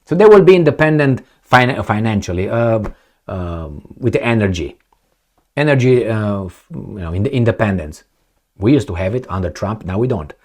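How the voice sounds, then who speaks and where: Animated, rambling male vlogger. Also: fairly low pitch, normal speed. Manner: animated, rambling, sarcastic, swears. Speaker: political commentary vlogger. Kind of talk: casual rambling commentary.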